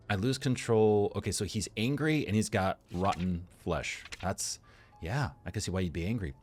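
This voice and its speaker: A man's voice: on the low side, normal speed, darkish tone, slight background noise. A man playing a medical game and commenting as he goes, thinking aloud, reading symptoms off the screen and joking with the characters. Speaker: gameplay commentator. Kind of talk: let's play commentary.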